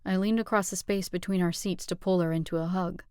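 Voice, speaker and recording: Brief: woman audiobook narrator, expressive and steady, dry close sound. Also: lowish voice, fairly quick, clean tone, no room sound. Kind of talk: scripted narration.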